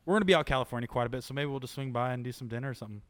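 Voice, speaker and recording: A man's voice: medium pitch, very fast, a bit bright, no echo. Jokey male podcast co-host. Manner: jokey, laughs often, trailing sentences. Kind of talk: casual chat.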